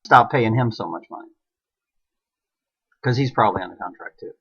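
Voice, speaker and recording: A man's voice: on the low side, normal speed, gravelly, fairly bright tone, breathy edge. A middle-aged man giving an impassioned solo monologue, ranting emphatically and firing off rhetorical questions. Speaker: online commentator. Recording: dull lo-fi recording.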